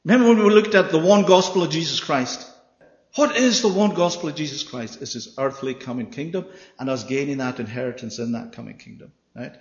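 A man preaches a sermon with emphasis, his fairly high, darkish voice moving briskly. He keeps checking in with listeners by asking "Yeah?", and the recording sounds dull and echoey, as if in a hall.

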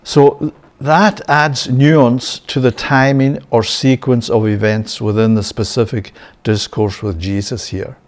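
A man's voice: mid-range voice, steady tone, slow. A man giving a sermon-style Bible lesson, often checking in with "yeah?" and "right?" and chuckling. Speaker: Bible teacher.

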